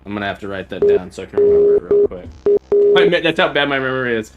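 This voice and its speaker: A man's voice: on the high side, huge pitch swings, very fast, narrow, tinny audio, loud music behind the voice. A man hosting a livestream, playing a game and thinking aloud as he sounds out Morse code beeps. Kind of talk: casual livestream chat while playing.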